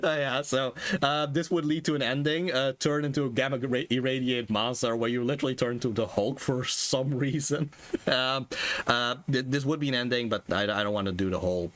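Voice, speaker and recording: Male streamer, casual read-through with commentary, mid pitch, frequent chuckles. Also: fairly quick, a bit bright. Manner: chuckles often, trails off into fillers. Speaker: streamer playing a text game. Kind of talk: reading a game aloud with casual commentary.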